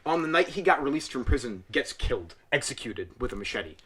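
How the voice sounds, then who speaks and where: A young man's mid-range voice, slightly fast and a little breathy, carries a profane, exaggerated film review on a podcast. It's a loose comedic rant told with plenty of animation.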